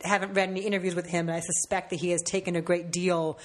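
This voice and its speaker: Low-voiced woman film critic. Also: quick pace. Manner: articulate, argues her case calmly. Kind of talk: casual film review chat.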